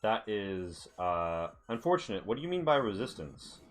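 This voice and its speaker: A man's voice: lowish voice, sing-song, normal speed, faint music behind. A man doing a stiff radio dispatcher. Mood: businesslike. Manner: stiff, procedural radio talk. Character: formal male radio dispatch operator.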